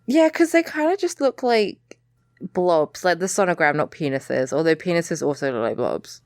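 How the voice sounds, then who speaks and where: A woman's voice: lowish voice, animated, moderate pace, no room sound, clean studio sound. A woman co-hosting a podcast in casual chat, joking at her own expense and acting out characters. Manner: joking, self-deprecating, quoting characters. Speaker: podcast co-host.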